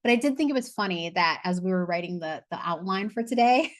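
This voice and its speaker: Woman coach, lowish voice, dry sound, loose and chatty, laughs and curses mid-lesson. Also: animated, fairly quick, dry recording. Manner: chatty, laughs and swears, loses her train of thought. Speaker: money coach leading a masterclass. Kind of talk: casual live online class. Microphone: video call.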